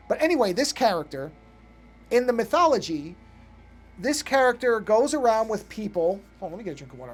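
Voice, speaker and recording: A man chatting casually to his live-stream chat while drawing, rambling and often breaking off to fix something. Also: high-pitched. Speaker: art streamer.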